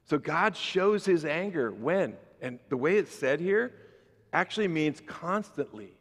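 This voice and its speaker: A male pastor preaching a sermon, moving between calm teaching and loud emphatic bursts. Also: a little high, unhurried. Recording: reverberant church hall.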